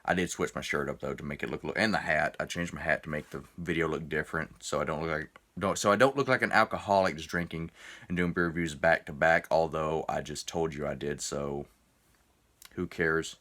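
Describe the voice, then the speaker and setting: Low, forceful guy reviewing beer, a bit tipsy, rambles and cuts himself off. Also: a little fast. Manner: rambling, chatty, self-interrupting. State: a little tipsy. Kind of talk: casual beer review vlog.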